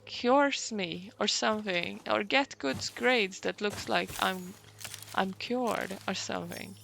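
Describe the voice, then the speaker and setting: A young woman streamer chatting casually, sarcastic, swearing freely and often clearing her throat. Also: medium pitch, slow pace, fairly bright tone, slight background noise. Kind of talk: casual livestream chat.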